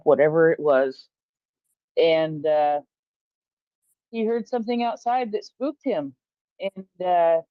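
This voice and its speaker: A man casually passing on a news item in an online audio chat, with wry, unhurried delivery. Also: on the high side, no room sound. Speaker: Twitter Space participant. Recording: muffled dry online call audio.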